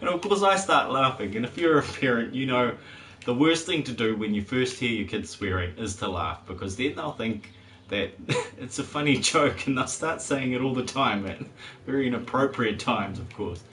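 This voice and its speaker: A man's voice: medium pitch, lively intonation, moderate pace, pushed and bright, a little hiss or hum. A man chatting casually on a live stream while he plays, rambling, chuckling often and swearing at the game.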